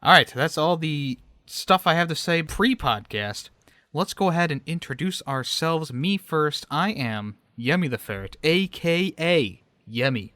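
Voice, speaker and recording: A man's voice: a little high, bright, forceful tone, no echo. A man hosting a casual movie podcast, chatting loosely and correcting himself as he goes. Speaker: podcast host.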